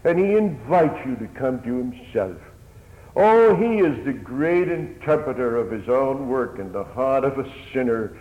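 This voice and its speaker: A man's voice: medium pitch, big pitch swings, measured pace, big-room sound, narrow, tinny audio. A man preaching a sermon in an earnest, pleading manner that rises in fervor.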